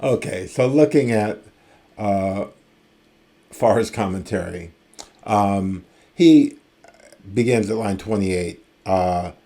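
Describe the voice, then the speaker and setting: A man lecturing on ancient Greek grammar, reading verse aloud in a measured way and explaining it with casual asides. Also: on the low side, warm tone. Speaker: classics lecturer.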